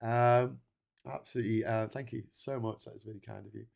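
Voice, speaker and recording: A man's voice: on the low side, creaky. Chatty man hosting a livestream. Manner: excitable and chatty, quick to laugh, many restarts. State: tired from a long stream. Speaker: livestream host. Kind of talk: casual livestream chat, reading out viewer messages.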